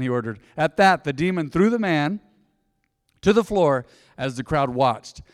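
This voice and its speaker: A man's voice: fairly high pitch, expressive, unhurried. Man preaching in a reverberant hall. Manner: conversational preaching, asks the audience questions. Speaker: pastor. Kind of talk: sermon. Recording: long reverb of a large hall.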